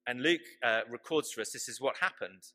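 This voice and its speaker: A man preaching a sermon, slow and emphatic, repeating his key phrases for weight. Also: medium pitch, lively intonation, bright, forceful tone.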